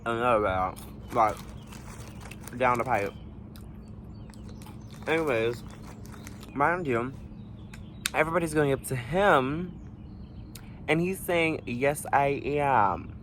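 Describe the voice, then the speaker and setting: A young man in a casual storytime vlog, animated and slangy, swearing freely and jumping into high exclamations. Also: takes it slowly, pauses often, slight background noise. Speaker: vlogger.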